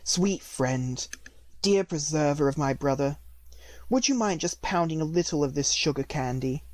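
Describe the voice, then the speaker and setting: A man doing soft gushing princess sisters. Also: fairly high pitch, animated, moderate pace, dry recording, lightly acted. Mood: sweet. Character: tender young princess sisters, weepy and doting.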